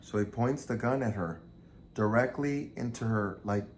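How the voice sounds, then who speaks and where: A man's voice: fairly low pitch, moderate pace, a little mellow, slight background noise. A man casually retelling a true crime story, acting out the quoted lines with lots of energy.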